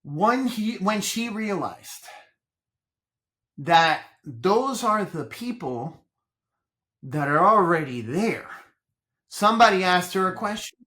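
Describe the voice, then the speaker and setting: A man from Colombia, a business coach guest on a podcast interview, telling stories with animated energy and repeating his phrases. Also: high-pitched, slow pace, pauses often.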